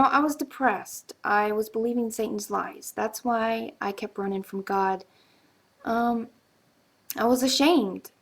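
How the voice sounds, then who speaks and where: Earnest woman sharing a halting testimony. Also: medium pitch. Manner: halting and earnest, many ums and restarts; emotional, confessional. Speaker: person sharing her faith testimony. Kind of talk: personal testimony, casual talk to viewers.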